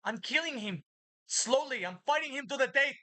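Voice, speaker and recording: A woman's voice: high voice, lively intonation, normal speed, bright, forceful tone. A woman talking in a rambling monologue to her viewers, often speaking of herself in the third person, blunt and profane. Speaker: vlogger.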